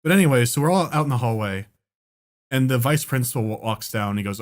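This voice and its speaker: Animated, profane young man telling a story. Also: medium pitch, fast. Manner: animated, profane, breaks into laughter. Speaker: podcast co-host. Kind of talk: casual storytelling chat.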